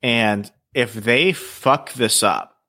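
Bright-voiced, insistent podcast co-host man. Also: medium pitch, extremely slow. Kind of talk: casual chat about comics and TV.

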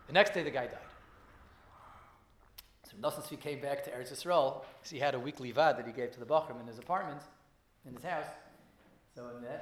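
A man's voice: mid-range voice, roomy sound, slight background noise. A man giving a Torah class, telling stories in a loose, conversational way with many restarts and repeated words. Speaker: Torah teacher.

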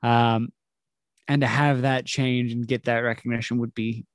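A man's voice: mid-range voice, level tone, normal speed, dry recording. A man in his thirties, a comedian guest on a casual podcast, rambling with frequent laughs. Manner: laughing, rambling, slips into mock voices.

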